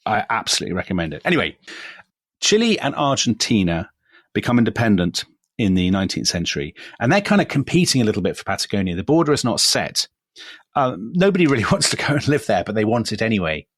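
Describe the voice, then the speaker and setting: English male podcast co-host, lowish pitch, dry close mic, chatty and self-deprecating. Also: big pitch swings, fast, no room sound. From England. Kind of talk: casual history podcast chat.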